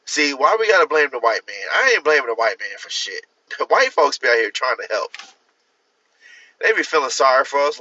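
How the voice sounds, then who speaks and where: A man's voice: mid-range voice, sing-song, fairly quick, bright, forceful tone, breathy edge, far from the mic. A man, chatting casually and animatedly on a livestream, laughing and acting out the voices he quotes. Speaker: livestream host. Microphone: phone. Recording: dull lo-fi phone audio.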